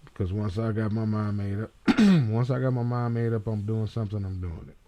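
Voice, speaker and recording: A man's voice: fairly low pitch, a little fast, background noise. A man co-hosting a podcast, speaking in a blunt, matter-of-fact way during casual chat. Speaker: podcast co-host. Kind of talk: casual talk radio chat.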